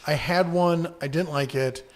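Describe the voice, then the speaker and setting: A man's voice: on the high side, steady tone, measured pace. Chatty man reading live chat. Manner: rambling, reads viewer comments aloud. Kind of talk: casual live-stream chat.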